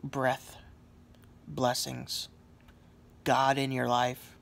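A drowsy man talks into a nearby camera from his couch at home. He drawls slowly, trailing off between thoughts with many ums and sorries, his voice at a middling pitch. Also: completely flat delivery, creaky, fairly bright tone. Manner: rambling, halting, many fillers and apologies. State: very sleepy. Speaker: vlogger. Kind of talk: casual selfie vlog. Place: lying on a couch indoors at home.

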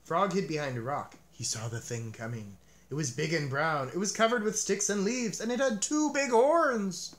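A man reading a children's storybook aloud as narrator, with a gentle, expressive manner. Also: a little high, normal speed. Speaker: storybook reader.

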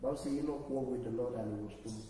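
A man preaching a sermon, emphatic and rising to loud exhortation. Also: mid-range voice, quick pace, a little hiss or hum. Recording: echoey hall, voice from far off.

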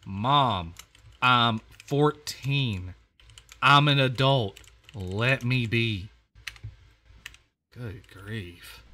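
A man giving casual let's-play commentary on a horror game, chatty and quick to exclaim, often repeating himself. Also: medium pitch, bright, forceful tone. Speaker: gamer playing a horror game.

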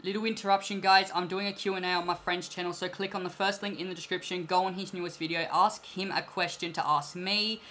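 Young male gaming YouTuber, bright tone, excitable, faint background hiss. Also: sits high, quick pace, hardly any pauses. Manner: excitable, indignant when crossed. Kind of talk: casual gameplay commentary and trading.

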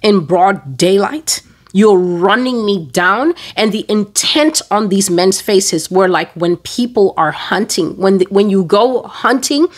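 A woman with a mid-range voice tells a gripping personal testimony and moves into preaching. She leans hard on repetition and drawn-out stressed words, and her delivery stays emphatic and urgent. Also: medium pitch, expressive. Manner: emphatic, repeats words and phrases for effect; slows down and stresses key words. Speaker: Christian testimony speaker.

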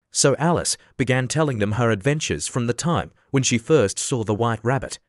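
A man narrating an audiobook in a measured, even storytelling voice. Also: mid-range voice, no room sound, studio quality. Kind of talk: scripted narration.

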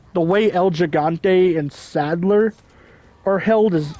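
Man, fairly high voice, casual game commentary, rambling, hedging. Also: darkish tone, no room sound. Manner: rambling, hedging, filler-heavy. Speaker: gameplay commentator.

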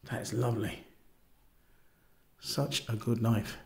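A relaxed man in a mid-range voice chats outdoors while reviewing gear. He rambles, restarts his sentences and repeats himself. Now and then his voice drops to a quiet murmur. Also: mid-range voice, takes it slowly, vocal fry. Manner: relaxed, repeats himself, stumbles over words. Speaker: knife reviewer. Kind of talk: casual product review vlog.

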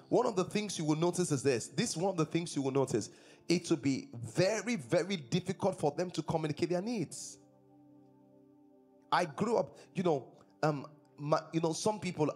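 A man's voice: fairly high pitch, animated, normal speed, a little mellow, husky, soft background music. A man preaching a sermon as pastor, repeating his points and asking the congregation questions. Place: church service.

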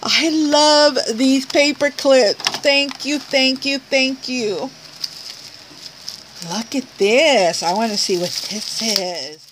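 A woman's voice: high-pitched, slow, noisy background. A woman chatting casually as she unboxes a package on camera, gushing over each item and talking to the sender. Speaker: craft vlogger opening mail.

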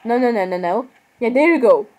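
Rambling young woman with a higher voice. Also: animated, a little fast, a little mellow, low-quality recording. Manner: rambling, exasperated, keeps apologizing. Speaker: gaming vlogger. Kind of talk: casual gaming commentary.

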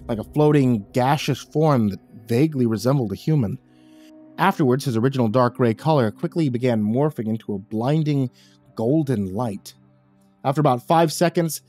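A man narrating a first-person horror story in a steady, scripted delivery. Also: mid-range voice.

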